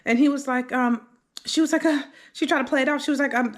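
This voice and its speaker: A woman's voice: high-pitched, quick pace. A woman vlogging in her home kitchen, filming on a handheld phone as she cooks and chats to viewers. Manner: chatty, animated, talks straight to viewers. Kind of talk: casual vlog storytelling while cooking. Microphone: handheld phone camera.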